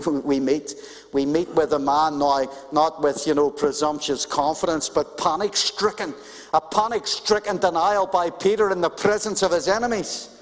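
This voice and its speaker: A man preaching a sermon to a congregation, stressing his points by repeating key phrases. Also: high voice. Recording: long reverb in a large hall.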